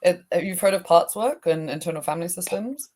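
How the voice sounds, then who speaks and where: An emotional release coach, a woman, speaks reflectively as a guest in a conversational interview, often reaching for words with fillers. Her voice is on the low side, brisk, and a little mellow.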